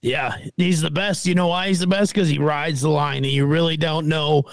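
A man's voice: fairly high pitch, steady tone, normal speed, vocal fry. A man co-hosting a podcast in casual chat, wry and teasing, firing off questions. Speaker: podcast co-host.

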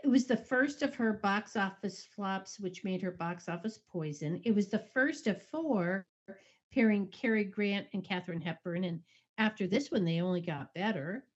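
A woman's voice: mid-range voice, moderate pace, husky. A woman co-hosting a podcast in casual chat, enthusiastic and agreeable. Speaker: podcast co-host. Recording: dull lo-fi audio.

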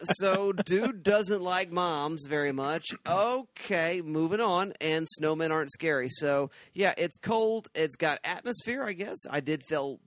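Weary, deadpan male podcast co-host; slightly high voice, dry recording. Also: unhurried, hardly any pauses, dry recording. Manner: weary, deadpan, repeats himself. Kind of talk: casual movie review chat.

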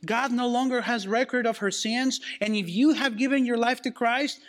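A male pastor preaching a sermon, slowing down to stress key phrases and quoting scripture. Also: very high voice, steady tone, fairly bright tone.

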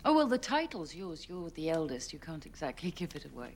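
A poised, scheming lawyer. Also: female voice, low-pitched, very animated, darkish tone, a little hiss or hum. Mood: measured. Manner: formal, measured delivery. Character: scheming woman lawyer handling a will. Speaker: family lawyer. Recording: TV episode clip with music underneath.

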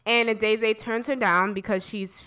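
A woman's voice: a little high, fairly even intonation, moderate pace, sharp tone, clean tone. A woman co-hosting a casual podcast, recapping a story in a chatty, giggly way. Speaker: podcast co-host. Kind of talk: casual chat.

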